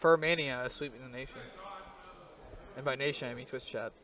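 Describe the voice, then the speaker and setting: A man's voice: medium pitch, a crowd in the background. A man doing casual, joking live-stream commentary on a card game match. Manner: joking, rapid banter with laughs.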